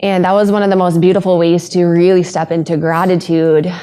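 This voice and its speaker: A woman's voice: on the low side, flat delivery, brisk, dark tone, clear, resonant tone. A woman hosting a podcast, talking earnestly and emotionally about her own story, with hesitant restarts. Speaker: podcast host. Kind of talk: candid podcast conversation.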